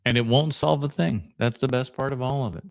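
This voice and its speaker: A man's voice: medium pitch, fairly quick, creaky. A man in the middle of his range hosts a podcast in loose, casual chat. He rambles through stories with plenty of fillers and little laughs. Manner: rambling storyteller, laughs mid-story, many fillers. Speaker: podcast host.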